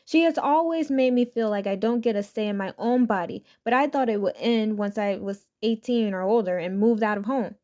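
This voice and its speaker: A woman reading online stories as a scripted narration, in a steady, matter-of-fact way. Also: medium pitch, moderate pace, hardly any pauses.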